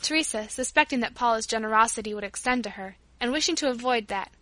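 A woman narrating a storybook as an audiobook, reading in a clear, expressive way. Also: on the high side, fast talker, no echo.

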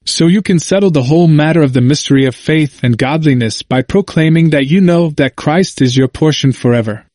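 A man's voice: a little high, fairly quick, a little mellow, no echo, clean studio sound. A man reading a sermon aloud, earnest and emphatic, pressing the listener with rhetorical questions. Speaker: sermon reader.

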